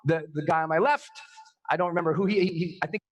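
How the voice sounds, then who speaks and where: A man giving an energetic storytelling talk at a live event, acting out scenes and shouting the dramatic parts. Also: a little high, fast, poor audio. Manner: animated, acts out scenes and screams. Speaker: motivational speaker.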